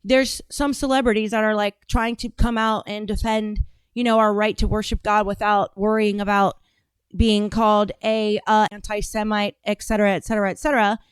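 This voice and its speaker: A woman's voice: mid-range voice, level tone, moderate pace, smooth, dry recording, studio quality. A woman hosting a reaction video, talking casually in a blunt, rambling, profane way.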